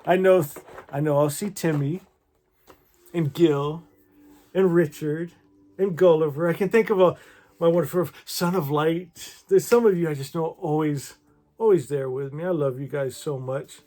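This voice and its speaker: A man talking warmly to his viewers and reading devotional poems aloud in a gentle, emotional, effusive way. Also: fairly high pitch, normal speed. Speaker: spiritual vlogger. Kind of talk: heartfelt talk and poetry reading to viewers.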